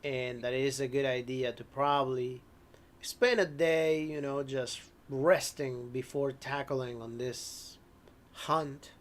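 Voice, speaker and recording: Slow-talking man running a tabletop game. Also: mid-range voice, fairly even intonation. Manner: unhurried, clears throat often, many ums. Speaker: game master. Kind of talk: narrating a tabletop horror game.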